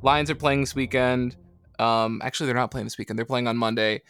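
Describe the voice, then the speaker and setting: A man's voice: medium pitch, fairly even intonation, a little fast, loud music behind the voice. A man co-hosting a comics podcast, chatting casually in a joking, rambling way. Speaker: podcast co-host.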